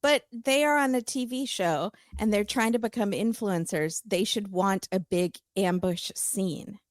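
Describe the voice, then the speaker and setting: A woman guest in a casual podcast chat who makes quick joking asides. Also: mid-range voice, dry recording, studio quality.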